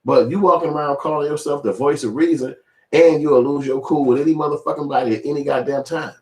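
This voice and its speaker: A man in his forties giving casual, profane commentary, animated and switching into high mimicking voices. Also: fast talker, echoey room. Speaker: video commentator.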